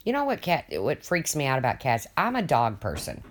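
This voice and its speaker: A man's voice: mid-range voice, wildly swooping pitch, fairly quick. An older man rambling casually to viewers on his livestream, folksy and swearing freely as he reads their comments. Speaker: livestream host.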